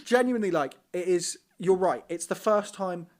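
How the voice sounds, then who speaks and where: A man's voice: sits high, moderate pace. A man co-hosting a podcast, explaining things in a chatty, casual way with lots of "like". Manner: chatty, explaining with many "like" fillers. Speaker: podcast co-host.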